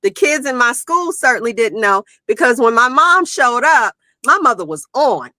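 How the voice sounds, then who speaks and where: A woman's voice: on the high side, big pitch swings, moderate pace, pushed and bright, no echo. Heartfelt woman, dry sound. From South Carolina, US. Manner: reflective, heartfelt, many "you know"s. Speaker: guest. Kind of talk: emotional personal storytelling.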